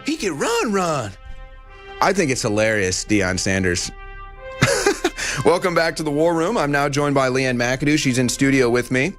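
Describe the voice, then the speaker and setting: A man hosting a studio talk show, delivering an animated political commentary monologue with emphatic rhetorical questions. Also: medium pitch, moderate pace, soft background music. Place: broadcast studio.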